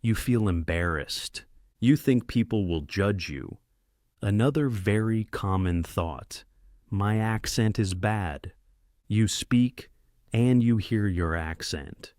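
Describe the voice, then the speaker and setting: A man with a fairly low voice teaches beginner English at a very slow, careful pace. He speaks clearly and encouragingly, straight to the listener, and the recording is dry and close with no room sound. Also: lively intonation, a little mellow, no room sound. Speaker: podcast host and English teacher. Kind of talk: slow scripted lesson for beginner learners.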